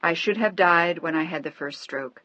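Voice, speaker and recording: A woman voicing a frail, bedridden elderly husband who speaks softly, wearily and tenderly. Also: fairly low pitch, normal speed, dry recording, highs cut off. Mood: weary tender. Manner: soft, weary, affectionate.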